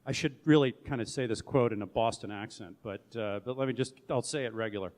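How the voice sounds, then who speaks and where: A middle-aged man, founder and CEO of a company, talks briskly in a mid-range, darkish voice during a conference presentation. He's candid and conversational, restarting often, and the conference hall produces a long reverb.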